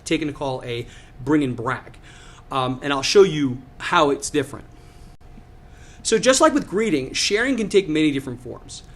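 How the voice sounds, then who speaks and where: Conversational man presenting to teachers. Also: fairly high pitch. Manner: conversational, many fillers, quick run-through. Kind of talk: informal presentation.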